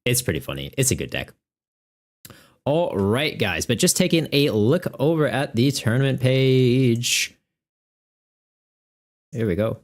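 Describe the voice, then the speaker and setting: A man's voice: medium pitch, lively intonation, a little slow, long pauses. A man chatting casually on a live stream as a tournament organizer, laughing often and joking with his viewers.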